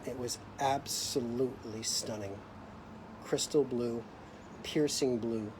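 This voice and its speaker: A man's voice: medium pitch, fairly even intonation, slow, noisy background. A middle-aged American man hosting a live video, telling a personal story in a reflective, hesitant way with many fillers and restarts. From United States.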